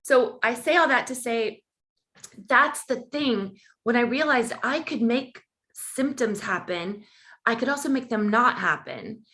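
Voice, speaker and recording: Bright-voiced woman telling a story. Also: a little slow. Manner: acts out quoted dialogue with big pitch jumps. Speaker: podcast guest. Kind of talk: animated storytelling in conversation.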